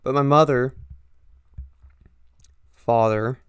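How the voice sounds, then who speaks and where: A young man with an accent mixing Northern and Southern US speech, hosting a podcast in a halting, rambling monologue full of restarts. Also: mid-range voice, fairly even intonation, clear, resonant tone, no echo, studio quality. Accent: mix of Northern and Southern US. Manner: halting, with frequent restarts and trailing pauses. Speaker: podcast host.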